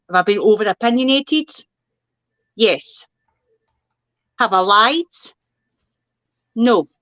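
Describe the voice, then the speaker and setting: A woman's voice: a little high, fairly bright tone, highs cut off. A woman appearing as a guest on a chat show, firmly answering criticism with a string of rhetorical questions. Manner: firm, defends herself with rhetorical questions.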